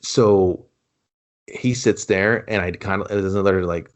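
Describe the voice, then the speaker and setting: A man's voice: low-pitched, fairly even intonation, a little slow. A man co-hosting a casual movie review chat, rambling and acting out characters' lines. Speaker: podcast co-host.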